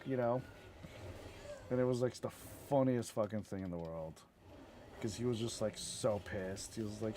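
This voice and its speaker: A man's voice: mid-range voice, moderate pace, darkish tone, a little hiss or hum. A man chatting casually over a video game stream, telling rambling stories and swearing loosely as he plays. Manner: rambling storyteller, swears casually, laughs at his own stories. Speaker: gaming streamer. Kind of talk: casual gameplay commentary.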